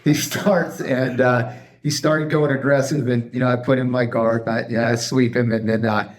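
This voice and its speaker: Animated middle-aged man telling stories, echoey. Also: medium pitch, moderate pace. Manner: animated storyteller, acts out quotes, drawls "man" and "dude". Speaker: podcast co-host, martial arts instructor. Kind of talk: casual chat.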